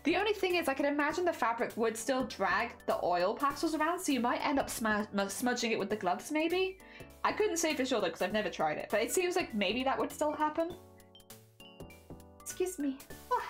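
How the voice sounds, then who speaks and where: A woman's voice: sits high, very animated, fairly quick, faint music behind. A young British woman streaming while she crafts, chatting casually and self-deprecatingly with her viewers, often sighing "oh dear".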